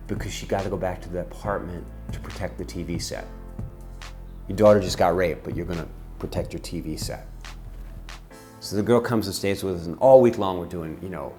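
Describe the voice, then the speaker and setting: A middle-aged man with a very deep voice tells a personal story from his ministry work. He speaks with intensity and passion, and he acts out the people in the story. Soft music plays faintly behind him. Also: moderate pace.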